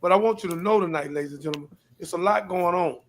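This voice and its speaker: Impassioned high gravelly older man. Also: fast, a little hiss or hum. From Houston, Texas. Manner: impassioned, repetitive, rising to pleading questions. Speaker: live show host. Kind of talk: preachy live-stream talk.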